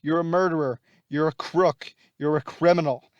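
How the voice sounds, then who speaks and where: A man's voice: on the high side, steady tone, moderate pace, dry recording, lo-fi sound, lightly acted. A man voicing a dismissive older male scientist while retelling a story, in a casual, barely changed voice. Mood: scornful. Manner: casual, barely acted quoting.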